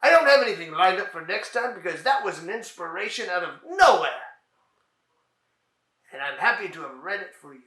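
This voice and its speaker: A man hosting dramatic readings, giving a relaxed, slightly winded sign-off. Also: high voice, a little fast, roomy sound. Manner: relaxed, winded after performing. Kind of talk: casual sign-off.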